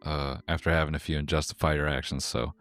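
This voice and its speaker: A man's voice: a bass voice, little pitch movement, fast talker, a bit bright. A man giving comedic reaction commentary, joking and laughing with casual swearing. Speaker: commentary host.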